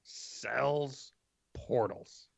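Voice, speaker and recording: A man voicing a huge, gruff half-giant loner who grumbles rudely and hesitates between words. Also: mid-range voice, drawn-out words, no echo, highs cut off, heavily acted. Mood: grumpy.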